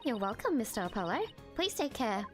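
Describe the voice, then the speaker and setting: A woman reading the lines of a sweet, earnest young girl in a game, in a soft, polite manner. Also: a little high, big pitch swings, brisk, soft background music. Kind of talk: reading game dialogue aloud.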